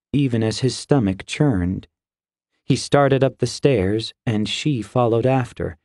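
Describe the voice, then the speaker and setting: A man narrating a fantasy audiobook in a measured, even storytelling voice, recorded close in a quiet booth. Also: mid-range voice, no room sound.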